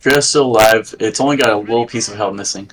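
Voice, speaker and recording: A man's voice: lowish voice, fast, a bit bright, soft background music, poor audio. A man co-commentating a strategy game, laid-back, mostly short agreeing replies. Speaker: guest co-caster.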